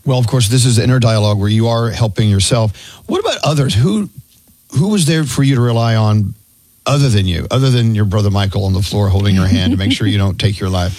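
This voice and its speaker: A man hosting an interview, asking questions in a teasing, lively way. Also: on the low side, fast talker, no echo. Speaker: interview host. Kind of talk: casual interview talk.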